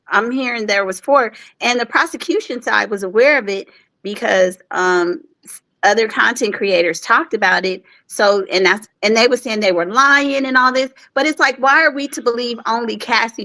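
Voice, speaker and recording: A woman co-hosting a casual commentary chat, reacting quickly and giving frank opinions. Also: medium pitch, bright, forceful tone, low-quality recording. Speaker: co-host.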